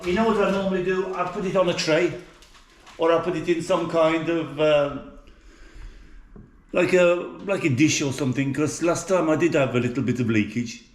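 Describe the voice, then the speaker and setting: A man's voice: a little high, echoey room. A middle-aged man from England with an English accent, chatting casually in a home kitchen with many fillers and restarts. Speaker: cooking vlogger. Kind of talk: casual chatty cooking vlog.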